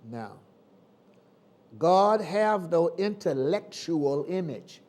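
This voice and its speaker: A man with a Southern accent preaching a sermon in call-and-response style, swinging from quiet asides to loud exclamations. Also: a little high, lively intonation, extremely slow.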